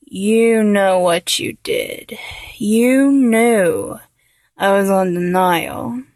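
Young woman, dominant role-play voice, mocking and teasing, very unhurried delivery, dry close sound. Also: mid-range voice, a little mellow, dry recording. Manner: taunting and mocking, with frequent laughter; drops to a whisper at times.

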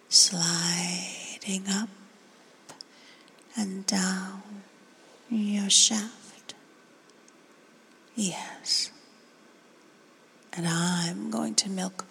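A woman in a whispered role-play, giving slow, coaxing commands in a breathy whisper. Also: medium pitch, a bit bright, a little hiss or hum. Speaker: ASMR performer.

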